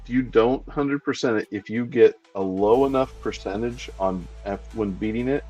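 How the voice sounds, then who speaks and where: Low, husky man with dry humor. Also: normal speed, dark tone, soft background music. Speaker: stream guest. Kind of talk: casual chat.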